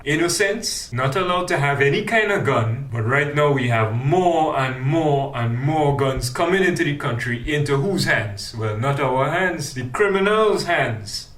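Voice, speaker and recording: A man's voice: mid-range voice, lively intonation, a little slow, few pauses, a bit bright. Fiery Trinidadian man in an echoey hall. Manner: fiery, full of rhetorical questions. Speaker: forum speaker for a grassroots news team. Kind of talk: impassioned forum speech. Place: public forum hall. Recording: echoey room, mic at a distance.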